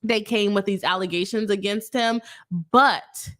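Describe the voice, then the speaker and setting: A woman's voice: mid-range voice, fairly even intonation, a little slow, sharp tone. A young woman, a lawyer hosting a casual livestream, chatting, laughing often and reading out viewers' comments. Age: young adult. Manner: chatty, laughs often, reads out chat messages. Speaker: livestream host, attorney.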